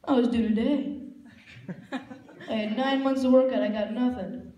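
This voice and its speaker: A man's voice: very high-pitched, fairly even intonation, normal speed, highs cut off. A man performing a stand-up comedy set on stage with a handheld mic. He tells rambling, self-deprecating stories and acts out the people in them. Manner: rambling self-deprecating storytelling with acted-out quotes. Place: comedy stage before a laughing audience. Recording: echoey room with faint noise.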